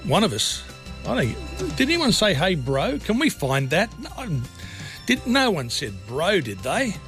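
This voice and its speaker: A man's voice: high voice, wildly swooping pitch, unhurried, fairly bright tone, soft background music. An Australian man hosting late-night radio talk in a studio, chatty and rambling, with many filler sounds as he goes. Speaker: radio host. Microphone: studio microphone.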